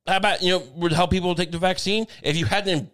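A man's voice: high voice, fairly even intonation, quick pace, fairly bright tone. A man co-hosting a podcast, chatting casually with rambling, profane jokes. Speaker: podcast co-host. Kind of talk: casual chat.

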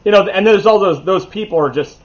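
Man, fairly high pitch, laid-back, swearing, casual chat, muffled lo-fi sound. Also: fairly quick. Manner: laid-back, agreeing, profane.

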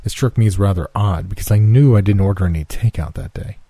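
A man narrating a first-person scary story in a slow, measured, suspenseful reading. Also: fairly low pitch, dark tone, breathy edge, no echo.

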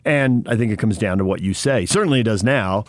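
A man's voice: fairly low pitch, fast, no echo. A man co-hosting a sports radio show, chatting casually and laughing often with jokey asides.

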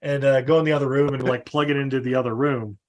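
A man's voice: medium pitch, level tone, quick pace. A man hosting a film podcast, recapping the plot casually with swearing, laughs and acted-out voices. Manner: laughing, profane, acts out the characters. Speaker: podcast host.

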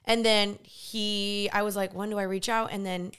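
Young woman with a smooth clear voice. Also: mid-range voice, moderate pace. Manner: expressive, chimes in, laughs easily. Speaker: co-host. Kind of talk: casual storytelling chat.

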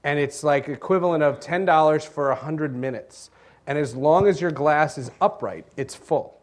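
A man talking as a podcast guest on a theatre stage, telling anecdotes in a lively way and laughing at his own punchlines. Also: a little high, moderate pace. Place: comedy theatre stage in front of an audience.

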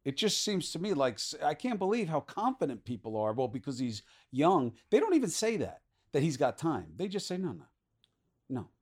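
A man hosting a podcast interview, talking in a quick, conversational way with many fillers. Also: fairly high pitch, sing-song, a little mellow, breathy edge. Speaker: podcast host.

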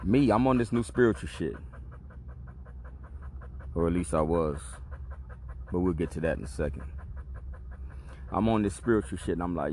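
A man's voice: deep voice, expressive, moderate pace, long pauses, a little mellow, a little hiss or hum. A man hosting a podcast, telling a long personal story in a laid-back, streetwise and profane way. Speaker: podcast host. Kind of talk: casual storytelling monologue.

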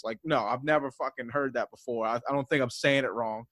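A Southern-accented man chats on a podcast, swearing and wandering through stories with constant fillers. His voice sits at an ordinary middle pitch. The sound is dry and close. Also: a little fast, fairly bright tone, dry recording. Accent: American Southern. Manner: rambling, profane, filler-heavy storytelling with frequent laughs. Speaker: podcast host. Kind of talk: casual podcast chat.

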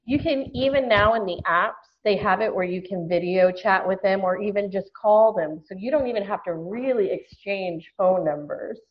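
A woman's voice: medium pitch, normal speed, few pauses, muffled recording, slight background noise. A woman guest in a casual podcast chat about dating, talking frankly and laughing often. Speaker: dating venture founder, guest.

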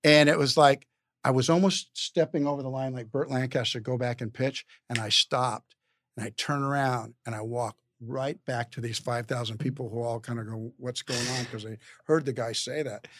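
A man's voice: medium pitch, steady tone, moderate pace, a bit bright, no echo, studio quality. A man talking as a podcast guest, telling a long anecdote in a rambling, stop-start way with lots of repeated words. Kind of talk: casual anecdotal storytelling.

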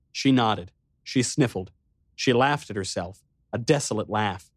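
A man's voice: fairly low pitch, moderate pace, dry recording, studio quality. Man narrating an audiobook in first person.

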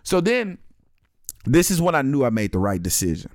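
Animated storytelling man, dry sound. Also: mid-range voice, normal speed, dry recording. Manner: animated, acts out other people's lines. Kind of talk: casual chat, comic storytelling.

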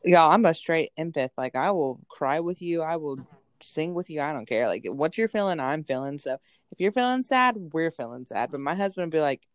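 Low-voiced chatty woman. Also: fairly quick, no echo, studio quality. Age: 30s. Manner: chatty, animated, acts out quotes. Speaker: podcast co-host. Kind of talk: casual chat.

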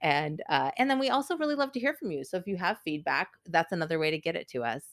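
A woman's voice: lowish voice, lively intonation, quick pace, no echo, clean studio sound. A woman hosting a podcast, chatting casually in a rambling way and laughing often. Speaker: podcast host. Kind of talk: casual chat.

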